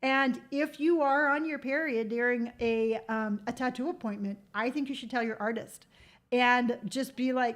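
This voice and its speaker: An older woman chatting frankly to camera as a vlogger, giving tattoo advice with quick asides and playful quoted voices. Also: a little high. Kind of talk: casual chat to camera.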